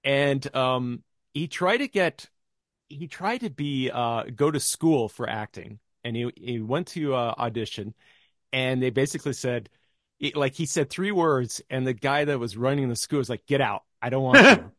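A man's voice: medium pitch, measured pace, dry recording, studio quality. A man chatting as a podcast guest, telling anecdotes and acting out the quoted voices. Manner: storytelling, acts out quoted voices. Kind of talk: casual podcast chat.

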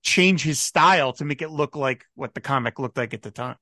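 A man co-hosting a casual comics podcast, animated and laughing often, slipping into mock voices for asides. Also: medium pitch, a little fast, dry recording, clean studio sound. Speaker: podcast co-host. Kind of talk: casual chat about comics.

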